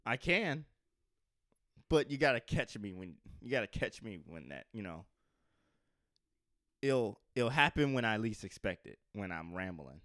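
A man's voice: lowish voice, very animated, unhurried, pauses often, fairly bright tone, no echo, studio quality. A man in casual chat as a podcast co-host, rambling and joking, often laughing.

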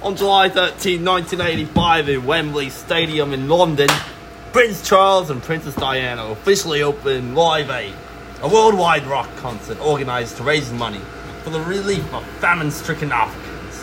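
A man's voice: a little high, expressive, moderate pace, lightly acted. A man putting on a mock Australian accent to play a cheery teller of history facts at a camp announcement. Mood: chirpy. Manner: mock Australian accent, chuckles mid-line. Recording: air conditioning hum behind.

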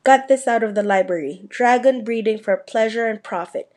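A woman reading the part of a big, gruff, proud male groundskeeper with a slow, homely, talkative way of speaking. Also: fairly high pitch, darkish tone, close to an everyday voice. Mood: proud, chatty.

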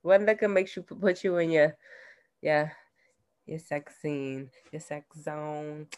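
Laid-back low-voiced woman co-host. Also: slow pace, a little mellow, clean tone. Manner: laid-back, slangy, laughs often. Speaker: podcast co-host. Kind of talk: casual chat.

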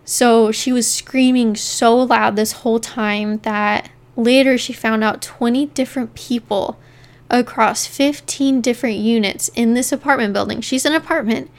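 A woman co-hosting a podcast casually tells a true-crime story in a chatty way, leaning on "like" as she narrates. Her voice is fairly high with fairly even intonation, and she speaks a little slowly.

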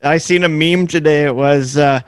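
A man's voice: fairly high pitch, fairly even intonation, normal speed, smooth, no room sound, studio quality. A Canadian man hosting a podcast, chatting in a laid-back way with a Canadian accent. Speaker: podcast host. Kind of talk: casual podcast interview.

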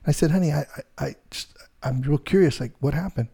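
A middle-aged real estate agent spins a rambling, lively story over casual talk, packed with fillers. His fairly quick delivery comes in a higher-leaning voice that's gravelly and husky.

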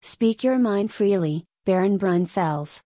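A woman's voice: medium pitch, animated, slow pace, dark tone, no room sound, studio quality. A woman reading the lines of a stern male king who gives cold, authoritative orders in a storybook. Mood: commanding.

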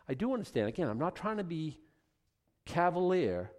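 Lively, animated male preacher. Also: a little high, normal speed. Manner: animated, acts out voices of God and people. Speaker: pastor. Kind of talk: sermon.

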